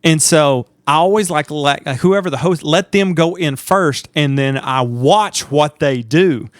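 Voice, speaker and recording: A man telling a story on a podcast, animated and laughing as he acts out quotes. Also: on the high side, a little slow, no echo, clean studio sound. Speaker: podcast co-host. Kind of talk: casual storytelling chat.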